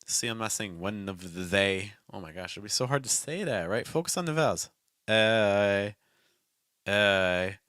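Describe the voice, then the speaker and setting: A man with a low, bright and forceful voice leads an online pronunciation lesson. He models short phrases slowly and says each one several times. The sound is dry and close to the mic. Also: no echo. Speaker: English pronunciation teacher.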